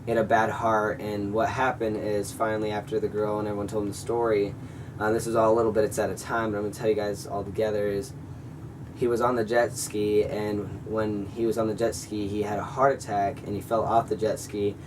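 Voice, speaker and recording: A young man tells a personal story in a low, fairly flat voice, rambling and earnest, full of fillers. He sits a little back from the mic, and a faint air-conditioning hum runs underneath. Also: brisk, far from the mic. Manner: rambling, filler-heavy, earnest retelling with acted-out quotes. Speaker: vlogger telling a personal story. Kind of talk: casual storytelling to camera.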